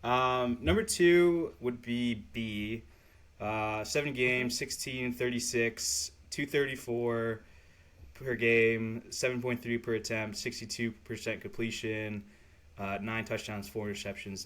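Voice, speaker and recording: A man co-hosting a sports podcast, chatting casually and excitably, swearing and laughing often. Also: medium pitch, a little slow. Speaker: podcast co-host.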